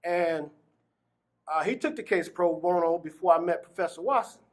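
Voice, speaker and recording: A middle-aged man from Gary, Indiana, recounting his own story in an earnest, heartfelt way. His voice sits high for a man, and he laughs often as he talks. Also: moderate pace. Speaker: exoneree telling his story. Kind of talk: personal testimony.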